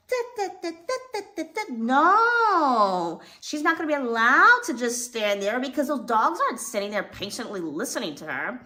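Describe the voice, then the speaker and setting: A woman acting teacher explaining a scene, animated and acting out little examples as she talks. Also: a little high. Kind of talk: instructional video.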